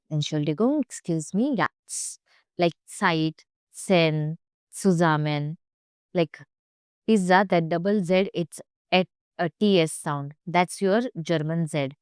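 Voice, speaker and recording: A woman's voice: fairly low pitch, a little mellow, clear, resonant tone, no echo, studio quality. A young woman teaching German pronunciation, speaking carefully and repeating each sound for learners. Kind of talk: pronunciation lesson.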